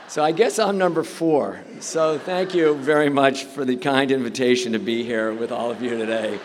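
A man's voice: mid-range voice, lively intonation, moderate pace, a little hiss or hum. A middle-aged man giving a commencement speech, telling joking stories at his own expense. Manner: joking storyteller, self-deprecating. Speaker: commencement speaker. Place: large hall at a graduation. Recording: long reverb of a large hall.

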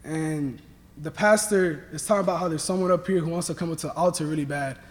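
A young man from Miami giving an earnest personal faith testimony, halting with many restarts. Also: a little high, in a large hall. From Miami, Florida. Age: young adult. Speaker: student athlete sharing testimony.

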